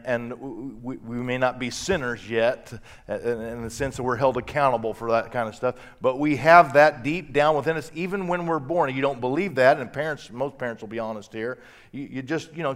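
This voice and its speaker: A man preaching a sermon to a congregation, building emphasis through repeated phrases. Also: mid-range voice. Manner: preaching with rising emphasis and repetition. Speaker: pastor.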